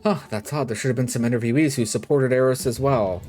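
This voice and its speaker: A man's voice: mid-range voice, fast talker, darkish tone, soft background music. A man streaming a game live, chatting casually and sarcastically, swearing freely and reading game dialogue aloud.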